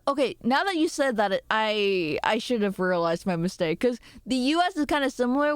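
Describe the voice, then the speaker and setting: Giggly young woman streamer, high clear voice. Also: no echo, clean studio sound. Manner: giggly, rambling, self-deprecating. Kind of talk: casual chat with viewers.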